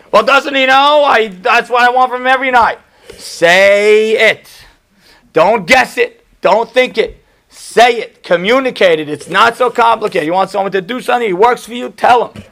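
A rabbi with a high-pitched voice and a gravelly edge teaches a live class. He hammers his points home with short, punchy repetition and slips in wry asides. He is a middle-aged man. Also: moderate pace, a bit bright. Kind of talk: Torah class to a live audience.

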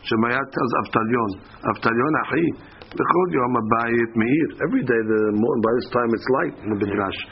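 Rapid-fire man teaching Talmud. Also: mid-range voice, gravelly, muffled recording, a little hiss or hum. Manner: reads the text aloud then translates in plain talk. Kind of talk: daily Talmud class.

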